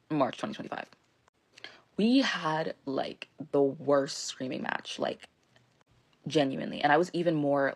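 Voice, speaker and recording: A young woman telling a casual storytime into her phone, rambling with lots of fillers and frequent swearing. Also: a bass voice.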